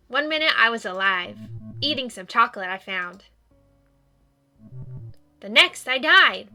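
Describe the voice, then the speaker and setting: A woman's voice: sits high, pushed and bright, voice pushed up, full character voice. A woman voicing a sweet, eager young male dog ghost in a video game, talking in a bubbly, childlike, apologetic way. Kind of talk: video game character reading.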